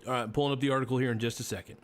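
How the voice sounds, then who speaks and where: A male podcast host rambling through a casual commentary livestream in a mid-pitched voice. He chats loosely, stumbles over words and corrects himself, breaking off now and then with a hiccup. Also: fairly even intonation, racing. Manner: rambling, self-correcting, chatty.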